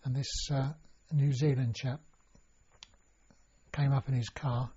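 A man's voice: mid-range voice, level tone, slow, mellow, slightly rough. An older man telling a long personal story in an oral history interview, rambling and full of fillers and restarts. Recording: dull lo-fi recording.

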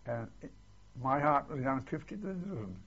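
A man's voice: medium pitch, animated, a little fast, vocal fry, a bit bright, slightly rough, muffled recording. An older man, recalling his war service in a rambling way and often ending lines with "see", on an old archival recording. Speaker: war veteran interviewee. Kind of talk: oral history recollection.

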